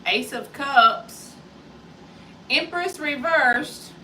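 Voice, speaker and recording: A woman's voice: high-pitched, drawn-out words, bright, forceful tone, distant mic, slight background noise, rough recording. A woman in her thirties giving a live-stream tarot reading, chatting casually and greeting viewers by name. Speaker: tarot reader.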